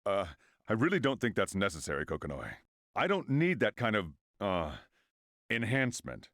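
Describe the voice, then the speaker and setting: A woman playing a huge deep-voiced cyborg soldier. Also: very animated, moderate pace, dry recording, clean studio sound, heavily acted. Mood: dry.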